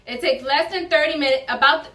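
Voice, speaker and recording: High, bright, teasing woman co-host. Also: a little fast, far from the mic. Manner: teasing, chatty, needling. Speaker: cooking show co-host. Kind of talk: casual banter. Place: home kitchen. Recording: roomy room from afar.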